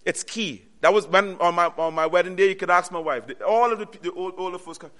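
A man preaching a sermon, earnestly repeating key phrases and pausing on "what?" to let listeners finish the line. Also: sits high, a bit bright. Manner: call-and-response, pausing on "what?" for the audience to finish.

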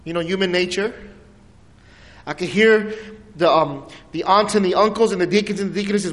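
High-voiced man preaching in a reverberant hall. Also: fairly quick, pauses often. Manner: animated storytelling with dramatic pitch swings and soft drops. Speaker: pastor. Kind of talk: sermon.

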